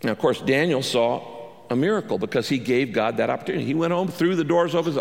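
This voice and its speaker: A man preaching a sermon, telling a scripture story in an animated, emphatic way. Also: mid-range voice, fast talker, vocal fry, long reverb tail. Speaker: pastor.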